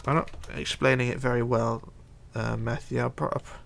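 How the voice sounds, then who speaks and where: A man chats casually during a live stream, his voice carrying a gravelly fry. He talks in a halting, stop-start way and reads viewer questions aloud. He sounds close to a desk mic at home, with his pitch sitting in an ordinary middle range. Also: little pitch movement. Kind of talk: casual live-stream chat while building.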